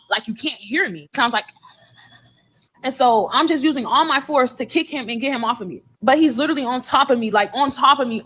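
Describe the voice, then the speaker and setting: Young woman with a high voice, earnest story-time vlog, repeats herself. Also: fairly bright tone, poor audio. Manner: earnest, repetitive retelling. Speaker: storyteller in a played clip.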